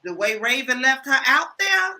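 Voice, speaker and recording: A woman's voice: sits high, very animated, normal speed, bright, forceful tone. A woman co-hosting a casual live review, giving blunt, candid, slangy opinions on a TV episode. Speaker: TV review co-host.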